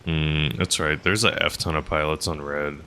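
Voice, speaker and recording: A man's voice: very deep voice, fairly even intonation, normal speed, pushed and bright, slight background noise. A man streaming a game, chatting casually with viewers and laughing often. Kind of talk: casual gameplay commentary to chat.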